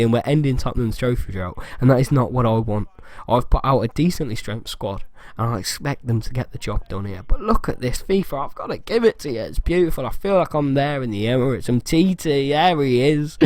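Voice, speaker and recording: A man giving excitable fan commentary over a football video game, close to his mic. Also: medium pitch, dry recording. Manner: excitable fan banter, bursts of shouting. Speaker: gaming YouTuber. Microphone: close desk mic.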